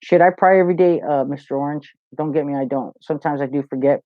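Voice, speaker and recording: A fast-talking man with a voice on the high side hosts a live Q&A, reading viewer comments and swearing casually through stories laced with "you know." The recording is dry, dull and lo-fi.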